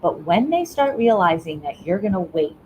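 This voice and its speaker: Lively woman explaining how she handles kids. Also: fairly low pitch, moderate pace, muffled recording, a little hiss or hum. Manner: animated explainer, acts out quotes. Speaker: school educator, guest. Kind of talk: conversational interview answer.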